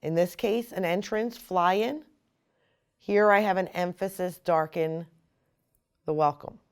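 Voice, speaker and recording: A woman explaining software step by step in a screen-recorded tutorial. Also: on the low side, measured pace, clean tone. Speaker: software instructor.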